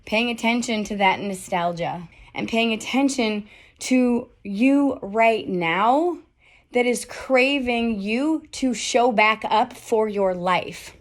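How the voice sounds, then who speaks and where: A middle-aged woman speaks a motivational podcast monologue in a fairly high voice. She talks candidly and emphatically, peppering her speech with rhetorical questions and casual swearing. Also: slow. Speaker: podcast host.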